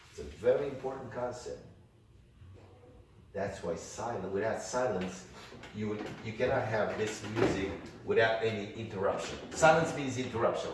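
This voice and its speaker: A man's voice: fairly low pitch, distant mic, noisy background. A man teaching an ear training workshop, coaxing students and singing rhythms on "ta". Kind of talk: classroom music lesson. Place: workshop room. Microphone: distant room mic. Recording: echoey room, picked up from afar.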